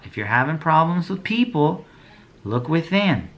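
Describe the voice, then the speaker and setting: A man's voice: on the high side, very animated, normal speed, fairly bright tone, highs cut off. A young man giving a motivational talk to small business owners, with a preachy, blunt delivery, slang, and slogans he repeats over and over. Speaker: motivational speaker.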